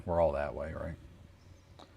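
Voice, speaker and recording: A man's voice: a bass voice, level tone, slow, vocal fry, a crowd in the background. A man from Ohio hosting a casual trading livestream, folksy and joking, calling himself plain redneck. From Ohio, United States. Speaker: trading coach host.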